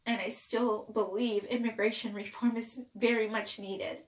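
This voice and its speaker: A young woman with a fairly high voice tells her personal story through tears, halting and restarting her sentences. She sounds emotional and shaken. The recording has a noticeable room echo. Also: level tone. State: crying. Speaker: vlogger telling her own story. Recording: echoey room.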